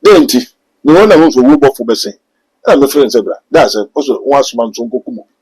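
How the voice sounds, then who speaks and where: A man's voice: mid-range voice, expressive, fast, darkish tone, slightly rough, rough recording. A man preaching emphatically in a sermon, mixing two languages and rising to a raised voice. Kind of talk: sermon in a talk show.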